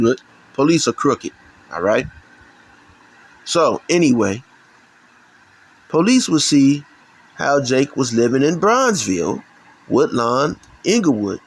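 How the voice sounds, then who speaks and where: A middle-aged man from Chicago delivers a heated, profane religious rant. His voice is gravelly, and he speaks slowly and deliberately. He often trips over his words and starts his sentences again. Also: mid-range voice, expressive, rough recording. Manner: heated, profane, repetitive restarts. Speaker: channel host. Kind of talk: ranting religious commentary.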